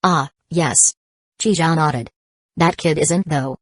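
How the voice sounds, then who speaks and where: A woman reads a translated web novel aloud as an audiobook narrator. Her voice sits very low for a woman, and the sound is dry, with no room around it. She keeps a steady, even delivery through both narration and dialogue. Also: slow pace, husky, no room sound. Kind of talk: scripted narration.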